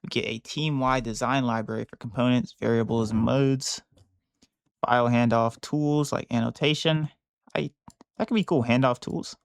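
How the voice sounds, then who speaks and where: A man's voice: medium pitch, fairly even intonation, moderate pace, gravelly, dry recording. A man streaming a live work session, talking casually as he thinks aloud and rambles through restarts, close to his mic in a small room. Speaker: bug bounty hunter streaming a live session. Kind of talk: casual live-stream commentary while working. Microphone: close mic on a headset or desk.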